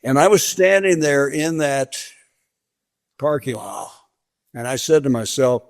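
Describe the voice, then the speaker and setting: A man's voice: medium pitch, a little slow, pauses often. An older man from western Kansas, a veteran sportscaster telling stories in a sit-down interview and acting out the dialogue he quotes. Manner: vivid storyteller, acts out quoted dialogue.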